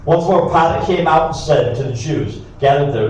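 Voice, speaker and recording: A man reading scripture aloud with brief comments of his own, steady but with occasional stumbles and asides. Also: on the high side, moderate pace, few pauses, a little hiss or hum. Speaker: scripture reader. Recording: echoey room, distant mic.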